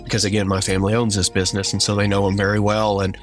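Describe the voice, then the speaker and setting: A man with a drawl recounts a personal story, earnest and halting, leaning on "like" as he goes. His voice sits fairly low. Soft music plays faintly behind him. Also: monotone. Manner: earnest and halting, many "like" fillers. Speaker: guest sharing his testimony.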